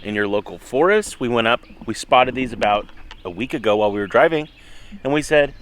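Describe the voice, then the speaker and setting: A man's voice: medium pitch, expressive, a little fast, background noise. A man vlogging about his homestead garden, chatty and playful, talking outdoors. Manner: chatty and playful, coos at animals. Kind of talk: casual family vlog.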